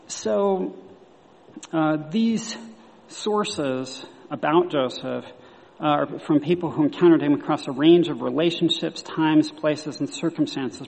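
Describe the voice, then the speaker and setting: A man in his thirties gives a thoughtful lecture, pausing on fillers and restarting his sentences. His voice has a gravelly edge, and it sits in a middle pitch for a man. The sound carries the long reverb of a hall. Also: a little mellow. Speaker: historian. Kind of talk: lecture talk.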